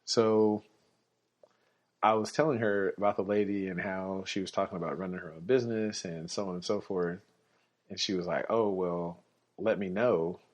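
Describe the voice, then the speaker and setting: Man podcast host, low voice, loose rambling delivery, muffled home recording. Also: steady tone, normal speed. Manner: rambling, self-correcting, quotes others in his own voice. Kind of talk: casual storytelling monologue. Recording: dull lo-fi recording.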